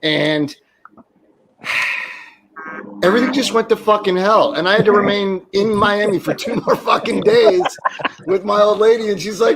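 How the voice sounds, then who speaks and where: A man's voice: high voice, a little slow, crowd noise. A man on a casual sports talk show, ranting with lots of swearing and stammered restarts, sounding exasperated.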